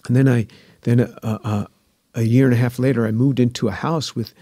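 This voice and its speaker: A man in his sixties giving earnest personal testimony as an interview guest, repeating phrases and going soft and hushed when moved. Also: mid-range voice, fairly even intonation, fairly quick, no echo, clean studio sound. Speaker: guest, scientist.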